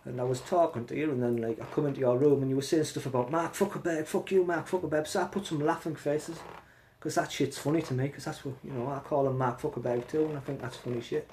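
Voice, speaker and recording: A man's voice: mid-range voice, steady tone, fast, a little mellow, slight background noise. A man hosting a casual live stream from his phone, talking bluntly and swearing as he calls someone out.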